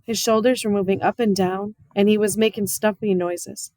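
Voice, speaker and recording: Woman narrator, mid-range, close and dry, calm storybook read-aloud. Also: mid-range voice, normal speed, dry recording. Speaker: audiobook reader.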